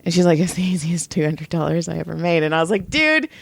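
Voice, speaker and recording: Animated woman telling stories with laughs. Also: fairly low pitch, fast talker, vocal fry, a little hiss or hum. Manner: animated storyteller acting out quotes, laughs often. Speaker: podcast co-host and massage therapist. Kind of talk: casual storytelling chat. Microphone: podcast microphone.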